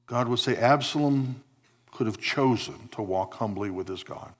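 A man's voice: medium pitch, moderate pace, vocal fry, husky. A man preaching a sermon, telling a story with wry asides and acting out the lines of the figures in it. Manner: storytelling preacher, acts out quotes, wry humor. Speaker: pastor.

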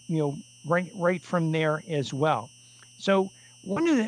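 Male radio show host, fairly high voice, loose rambling delivery full of fillers. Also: rough recording. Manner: rambling, many restarts and fillers. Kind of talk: casual call-in radio talk.

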